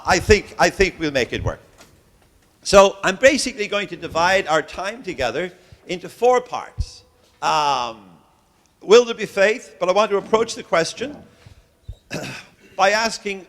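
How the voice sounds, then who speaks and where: This fairly high, slightly bright male voice belongs to an Irishman lecturing religious educators as a visiting professor. Speaking in a lecture hall with an Irish accent, he keeps things genial and jokey but hesitates frequently.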